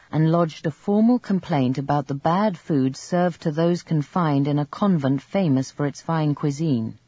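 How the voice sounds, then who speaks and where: A man reading a novel aloud in measured, even scripted narration. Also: on the high side, slightly rough, no echo. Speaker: audiobook narrator. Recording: dull lo-fi recording.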